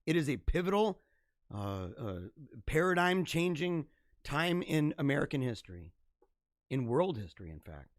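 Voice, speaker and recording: Energetic slightly hoarse male host, higher-pitched. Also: normal speed, no echo, clean studio sound. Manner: energetic, rambling and chatty. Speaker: podcast host. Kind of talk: casual livestream sign-off.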